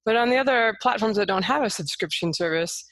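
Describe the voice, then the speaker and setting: A woman's voice: mid-range voice, lively intonation, brisk, a bit bright, no room sound. A woman co-hosting a casual podcast, asking a guest questions in a conversational way.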